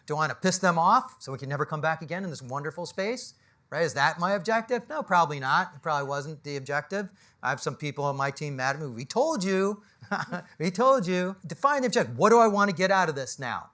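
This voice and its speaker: Bright punchy male coach at a seminar. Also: on the high side, quick pace. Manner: punchy and animated, with rhetorical questions and a tag "right?". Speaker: business coach speaking on a panel. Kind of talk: motivational talk to a live audience. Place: indoor event space with an audience.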